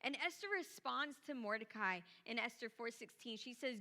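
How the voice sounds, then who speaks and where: A woman preaching in a church auditorium, mixing scripture reading with chatty, lively storytelling. Her voice is bright and sits a little high, and a long hall reverb follows her words. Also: normal speed, few pauses. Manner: lively storytelling, casual asides. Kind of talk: sermon.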